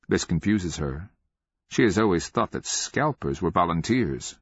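A man narrating a dark fantasy novel in a measured, expressive storytelling manner. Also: low voice, slightly rough, no room sound. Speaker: audiobook narrator. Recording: dull, dry lo-fi recording.

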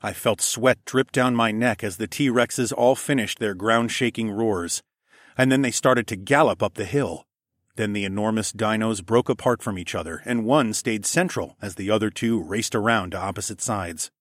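A man narrating a first-person story in a steady, measured way. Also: on the low side, no room sound, studio quality. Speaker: audiobook narrator.

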